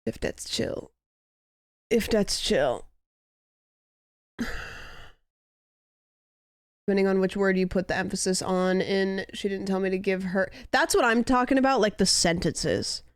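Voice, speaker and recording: A woman's voice: medium pitch, steady tone, normal speed, pauses often, no echo, clean studio sound. A young woman streamer in casual chat, rambling and musing aloud with lots of "like" fillers.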